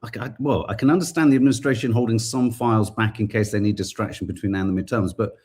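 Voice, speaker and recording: A man's voice: on the low side, steady tone, fast talker, darkish tone, husky. A man hosting a podcast, giving impassioned, indignant political commentary and swearing now and then. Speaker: podcast host.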